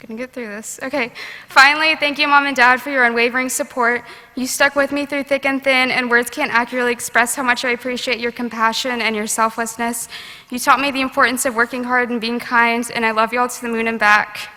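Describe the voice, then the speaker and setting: A woman's voice: a little high, flat delivery, brisk, sharp tone. A young woman in her late teens giving an earnest, heartfelt graduation speech at a podium microphone. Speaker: student graduation speaker. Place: large graduation venue. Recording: long reverb of a large ceremony hall.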